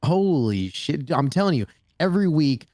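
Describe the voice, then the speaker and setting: A man's voice: a little high, moderate pace, no echo. A man chats on a podcast mic, telling stories loosely and swearing freely. The sound is bone-dry and close, with nothing of the room around him. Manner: animated storyteller, swears freely, says "bro" a lot. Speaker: podcast co-host. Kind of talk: casual chat.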